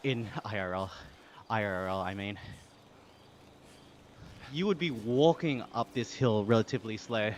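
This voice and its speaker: Australian streamer chatting on a bike. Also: male voice, on the low side, animated, measured pace, long pauses, slight background noise. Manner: reads chat aloud and thanks viewers, breathy from exertion. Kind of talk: casual live-stream chat while cycling.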